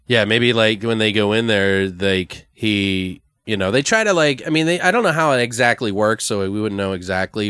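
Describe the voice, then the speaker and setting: A man's voice: medium pitch, a bit bright, clean tone, no room sound. A man casually brainstorming a story on a podcast, rambling with lots of fillers and swearing. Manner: rambling, profane, full of fillers. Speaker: podcast co-host.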